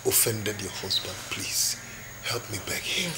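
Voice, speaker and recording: A man's voice: lowish voice, animated, measured pace, very noisy. A man with a Nigerian accent playing a respectful young suitor pleading with his bride's parents.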